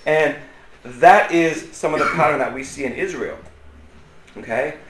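Joking guy pastor teaching sunday school, voice on the high side, sweaty and loud, echoey church room. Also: measured pace, slight background noise. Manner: playful, joking, laughs often. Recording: echoey room, faint ambience.

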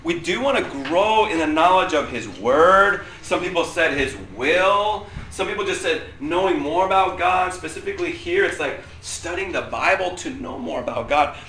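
Loud, bright-voiced man preaching in a roomy hall. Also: fairly high pitch, lively intonation, moderate pace, hardly any pauses, a little hiss or hum. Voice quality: loud voice that carries. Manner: conversational, often checks in with 'right?'. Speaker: youth pastor. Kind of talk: casual youth sermon. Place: room with a student group. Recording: roomy echo.

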